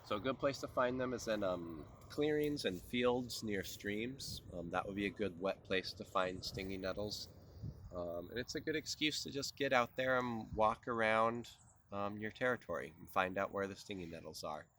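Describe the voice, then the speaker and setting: A man's voice: fairly low pitch, moderate pace, a bit bright, slight background noise. A man presenting a tutorial outdoors at a plant patch, explaining step by step in an easygoing way. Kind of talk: casual outdoor teaching.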